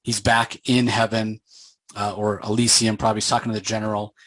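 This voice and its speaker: A man's voice: fairly low pitch, level tone, brisk, fairly bright tone, no room sound, rough recording. A man casually recapping a comic book story in a loose, conversational way, with plenty of fillers.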